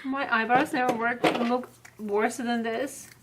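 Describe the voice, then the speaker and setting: A middle-aged woman guest chatting casually, brisk and talking to herself as she hurries. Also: a little high, fairly even intonation, background noise. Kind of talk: casual chat.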